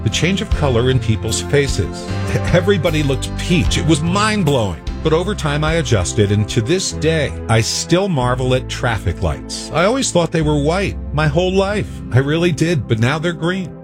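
Wry, lively-voiced male radio commentator. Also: on the high side, normal speed, over music. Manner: wry, conversational storytelling.

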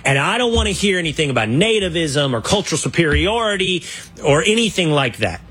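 A man hosts a political interview show, retelling events in an animated, opinionated way. His voice sounds husky and sits a little high. His pitch rises and falls widely as he talks. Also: a little fast. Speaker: show host.

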